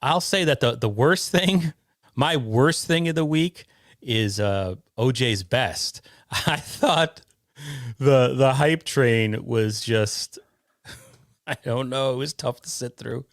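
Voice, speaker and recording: A man's voice: medium pitch, no room sound. Rambling male podcast host, dry sound. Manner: rambling, halting, reads out comments. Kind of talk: casual podcast chat reading the live chat.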